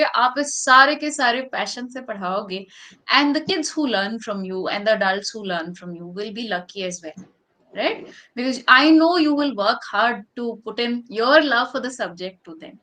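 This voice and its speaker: Expressive woman teacher, higher voice. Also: poor audio. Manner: expressive, switching between English and Hindi. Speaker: teacher and interviewer. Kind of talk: warm online class chat.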